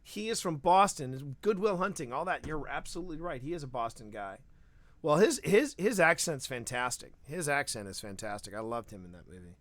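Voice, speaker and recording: A man co-hosting a live podcast stream, talking in an animated, rambling way with frequent restarts. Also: a little high, a little fast, no echo. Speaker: podcast co-host. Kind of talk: casual live-stream chat.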